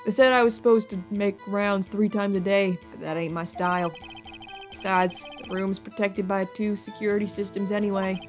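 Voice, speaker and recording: A relaxed cowboy lawman drawls his way through a courtroom, as a woman puts him on. The voice sits at a middling pitch with light game music underneath. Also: normal speed, natural voice. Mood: drawling. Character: drawling laid-back cowboy detective man. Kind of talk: voicing game dialogue.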